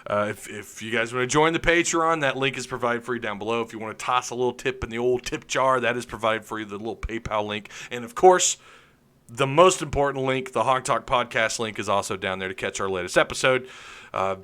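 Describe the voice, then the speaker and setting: A man hosting a live sports podcast, ranting loudly with opinions and jokes, laughing often as he reads viewer comments. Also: mid-range voice, a little fast, clear, resonant tone. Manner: loud, opinionated, joking rants with frequent laughs. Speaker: podcast host. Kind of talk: live-stream sports chat reading comments.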